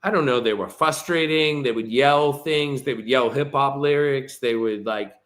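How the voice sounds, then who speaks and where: A man who is a guest on a podcast, telling a relaxed, rambling story full of fillers and restarts in casual conversation. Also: mid-range voice, normal speed.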